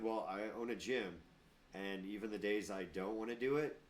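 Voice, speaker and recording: A man's voice: lowish voice, moderate pace. A middle-aged man, a martial arts instructor and gym owner, chatting casually on a podcast and acting out quoted voices with emphasis.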